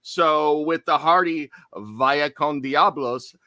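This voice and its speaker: Bright-voiced animated male podcast co-host. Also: a little high, slow pace, no room sound. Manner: animated, digressive, playful asides. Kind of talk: casual horror podcast chat.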